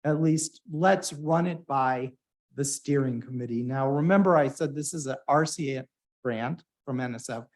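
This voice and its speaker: A man at a mid-range pitch hosting a hybrid science meeting. He rambles casually through an anecdote, padding it with fillers and throwing in lively little quoted voices for the people in the story. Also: moderate pace. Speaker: meeting organizer and moderator. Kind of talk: conference talk to a live audience. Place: hybrid conference meeting room.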